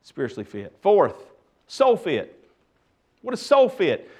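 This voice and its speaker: A middle-aged man preaching a sermon as pastor, emphatic and lively with touches of humor. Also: high voice, measured pace.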